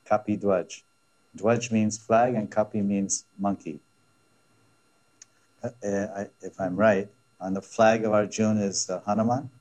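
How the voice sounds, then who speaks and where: A man's voice: on the low side, steady tone, measured pace, long pauses, a little mellow. A man teaching a scripture class, retelling a story with laughing asides and frequent restarts. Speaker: religious teacher.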